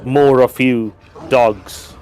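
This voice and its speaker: A man playing a grim adult warrior who taunts and boasts at his enemies in a tabletop game. The voice sits at a middle pitch, plain and unforced, and soft music plays behind it. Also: fairly even intonation, extremely slow. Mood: defiant. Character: grim, defiant adult male warrior swordsman.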